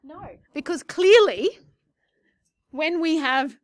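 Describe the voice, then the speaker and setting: A woman's voice: high voice, animated, unhurried, fairly bright tone, no echo, studio quality. A woman teaching maths in a recorded lesson, playful and chatty with jokey asides.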